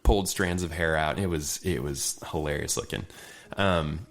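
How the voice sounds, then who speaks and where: A man, a podcast guest, telling casual anecdotes in an animated way and often laughing between them. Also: extremely low pitch, normal speed. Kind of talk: casual storytelling chat.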